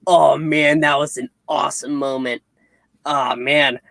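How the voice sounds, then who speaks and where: A woman's voice: low voice, steady tone, a little slow, gravelly, fairly bright tone, no echo. A woman co-hosting a comic review, chatting casually and hesitantly as she retells scenes. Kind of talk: casual chat.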